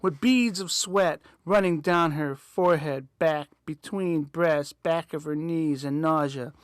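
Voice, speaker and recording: A man reading a dark story aloud in a slow, deliberate way. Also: fairly high pitch, clean tone, no echo.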